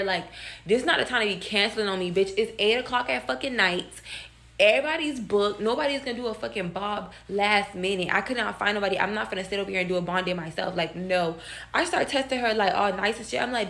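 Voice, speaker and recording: Woman, mid pitch, animated profane storytime rant, talks to listeners as y'all. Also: a little fast. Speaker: storyteller in a clip.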